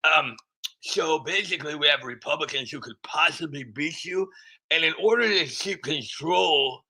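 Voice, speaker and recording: A man's voice: fairly high pitch, moderate pace, sharp tone, husky, heavily acted, low-quality recording. A man putting on the voice of a bossy older woman politician who lectures and threatens. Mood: stern. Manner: lecturing, scolding.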